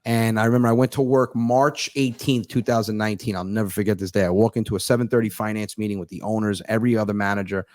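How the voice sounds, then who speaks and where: A man in his thirties, a comedian telling stories in a fast, profane, sarcastic casual chat. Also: on the low side, little pitch movement, darkish tone, no echo, clean studio sound. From United States. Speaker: comedian guest.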